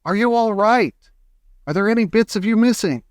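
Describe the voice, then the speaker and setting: A man doing a shrill frantic mother. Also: moderate pace, clean tone, no echo, clean studio sound, close to an everyday voice. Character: panicked mother, shrill and wailing. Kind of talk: audiobook character voice.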